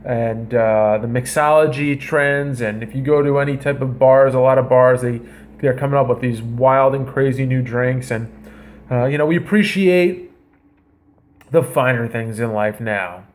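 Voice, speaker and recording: A man's voice: medium pitch, normal speed, a little mellow. A man giving casual reaction commentary on his comedy vlog, rambling and enthusiastic with lots of fillers. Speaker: comedy vlogger reviewing news.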